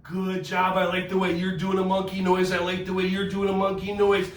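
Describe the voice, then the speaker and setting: A man leading children through a yoga stretch in a goofy, teasing, high-energy way. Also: completely flat delivery, fairly quick. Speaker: kids' yoga instructor. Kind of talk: playful movement lesson for children. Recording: roomy sound from a distance with faint ambience.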